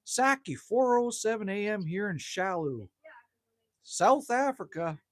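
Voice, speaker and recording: A man's voice: high voice, animated, measured pace, dry recording. A man from Manitoba hosts a casual outdoor livestream from his cabin in the evening. He chats with viewers in a laid-back way, teasing himself and tossing in "man" and mild swearing. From Manitoba, Canada. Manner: laid-back and chatty, teases himself, swears lightly, says "man" often. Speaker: livestream host. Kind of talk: casual livestream chat reading viewer comments.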